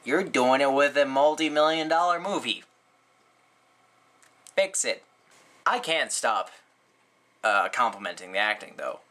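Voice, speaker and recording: Man, casual movie review vlog, lively pitch swings, bright tense voice, rambling. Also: unhurried, long pauses. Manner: rambling, full of "like" and "um", sarcastic asides; animated, frequent jumps in pitch.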